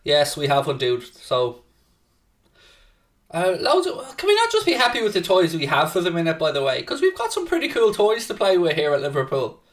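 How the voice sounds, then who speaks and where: A man hosts a casual live football watchalong, chatting with viewers, reading their messages aloud and swearing freely when he gets worked up. His voice is fairly high with huge swings in pitch, his pace is moderate, and the mic sits at a distance.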